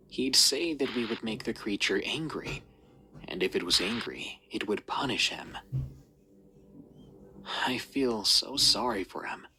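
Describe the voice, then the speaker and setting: Male narrator for a horror tale: low, gravelly voice with a bright edge, lively suspenseful delivery. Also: a little hiss or hum, poor audio. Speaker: storyteller. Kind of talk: scripted horror story narration.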